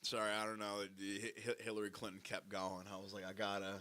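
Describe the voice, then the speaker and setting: A man's voice: on the low side, level tone, fast talker, crowd noise. A young man co-hosting a podcast, trading crude jokes in casual banter with many filler words. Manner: joking, filler-heavy with many uhs. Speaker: podcast co-host.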